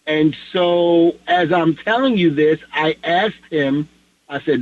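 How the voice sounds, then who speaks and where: Animated middle-aged man telling a story. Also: a little high, slow, muffled recording. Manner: animated, acts out the dialogue in his stories. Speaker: podcast co-host. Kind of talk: casual storytelling.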